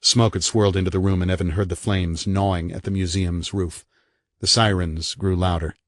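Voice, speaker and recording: A man reading a horror novel aloud in a dramatic, measured narration. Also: low-pitched, flat delivery, no echo, clean studio sound. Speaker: audiobook narrator.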